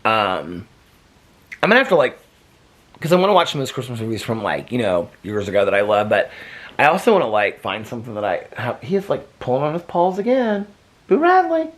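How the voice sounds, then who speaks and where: American guy rambling at home to his camera and dog, husky lowish voice, pitch jumps all over. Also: sing-song, brisk, fairly bright tone. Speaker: vlogger. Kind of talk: casual chat. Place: home, indoors.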